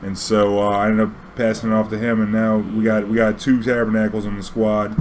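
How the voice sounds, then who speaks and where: A young man telling a story casually, profane and animated, acting out dialogue. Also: lowish voice, fairly quick, slight background noise.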